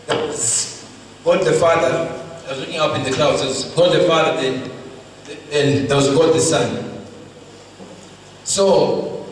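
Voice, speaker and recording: Fervent high-voiced preacher in an echoing hall. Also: male voice, steady tone, a little slow, pauses often, slight background noise. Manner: fervent, swings from shouted rebukes to hushed storytelling. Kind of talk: sermon. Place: large hall. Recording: echoey hall, mic far off, faint ambience.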